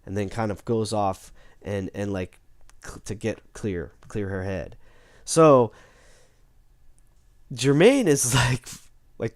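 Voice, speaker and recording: A man's voice: fairly low pitch, a little slow, clear, resonant tone, dry recording, studio quality. A man recapping a tabletop game session in a rambling way, with lots of restarts and self-corrections.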